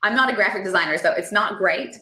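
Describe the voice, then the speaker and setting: Woman therapist presenting in an echoey room. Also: fast. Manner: demonstrates playful sound effects in a high excited voice. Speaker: speech and language therapist. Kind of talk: webinar presentation.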